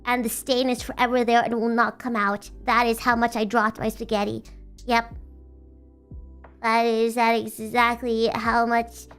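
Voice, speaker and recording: A woman's voice: on the high side, little pitch movement, moderate pace, fairly bright tone, smooth, soft background music. A woman streamer chatting casually in a rambling, bubbly way, teasing herself and restarting her sentences often. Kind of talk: casual livestream chat.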